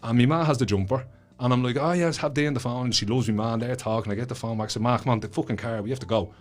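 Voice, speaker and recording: A man's voice: mid-range voice, very fast, soft background music. A man with a Dublin Irish accent, a guest author telling a story with lots of swearing and acted-out voices. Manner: swears freely, acts out the voices in his stories. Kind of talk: animated storytelling.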